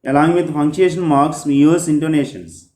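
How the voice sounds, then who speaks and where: A male teacher giving a grammar lesson, explaining slowly and repeating himself, often starting with "so". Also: fairly high pitch, steady tone, dark tone, roomy sound. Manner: slow, repetitive explaining with frequent "so".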